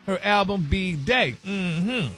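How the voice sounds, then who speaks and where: A man's voice: sits high, lively intonation, very slow, over music. A man hosting a celebrity gossip segment on a radio show, flamboyant and sassy, calling everyone honey and baby. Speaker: celebrity news host.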